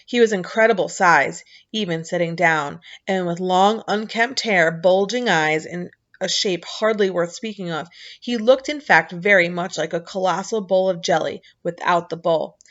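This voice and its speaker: A woman's voice: on the low side, moderate pace, few pauses. Woman reading a children's book aloud. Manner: expressive, casual asides. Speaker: reader. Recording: dull lo-fi recording.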